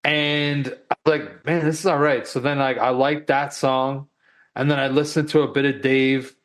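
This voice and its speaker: A man's voice: mid-range voice, little pitch movement, normal speed. A man co-hosting a podcast in casual chat, rambling and peppering his talk with "like" and the odd curse. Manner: rambling, heavy on "like" fillers, casual swearing. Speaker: podcast co-host.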